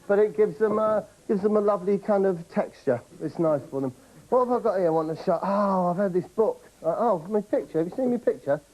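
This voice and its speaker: A man's voice: sits high, brisk, a little mellow, poor audio. A man hosting a comedy show, delivering a rambling, boastful monologue to camera and often tagging on "right?".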